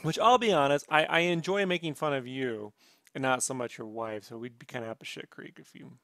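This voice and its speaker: A man's voice: mid-range voice, brisk, fairly bright tone, no room sound, studio quality. A man hosting a podcast in casual chat, teasing his co-host with sarcastic banter.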